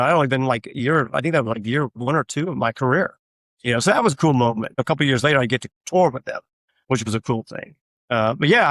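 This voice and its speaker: A man of middle pitch speaks as a guest in a casual interview. He tells long, rambling anecdotes and fills them with frequent fillers. The recording is dry and close, with little room sound. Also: a bit bright, no room sound. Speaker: guest, tribute artist for a famous singer.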